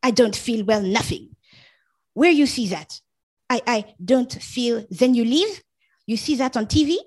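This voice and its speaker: A woman's voice: a little high, lively intonation, unhurried, a little mellow, pitched above the performer's own voice. A woman voicing a stern, dismissive husband who berates his wife in a raised, mocking voice for a storybook reading. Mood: berating. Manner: scolding, incredulous.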